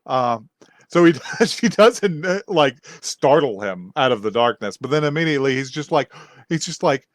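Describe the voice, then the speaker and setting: A man's voice: a little high, animated, normal speed, no echo, clean studio sound. A young man co-hosting a podcast, casually recapping an anime episode, often laughing and acting out the characters' lines. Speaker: podcast co-host.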